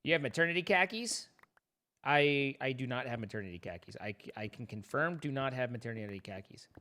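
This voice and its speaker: Animated and fairly quick, this man's mid-range voice has a sharp edge. Streaming a game, he rambles casually to chat and jokes at his own expense.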